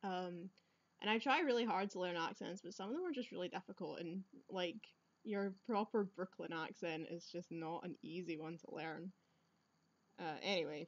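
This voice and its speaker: A woman's voice: lowish voice, moderate pace, highs cut off. A young woman giving chatty, rambling commentary while playing a video game, laughing often, recorded on earbuds. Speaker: let's play gamer. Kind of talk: casual gameplay commentary.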